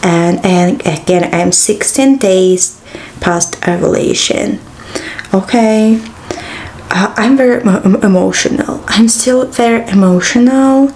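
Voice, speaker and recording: A woman's voice: medium pitch, a little slow, a little mellow, a little hiss or hum. A tired woman in her thirties chatting casually to camera, rambling with sighs and exclamations. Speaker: vlogger.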